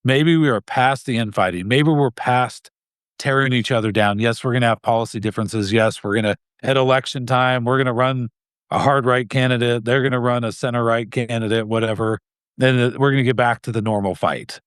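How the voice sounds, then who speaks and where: A gun rights group president from Idaho speaks as a guest in a casual interview, earnest and heated, often breaking off to restart sentences and letting out short laughs. His middle-pitched voice is steady, smooth and a little fast, in a dry room with no echo.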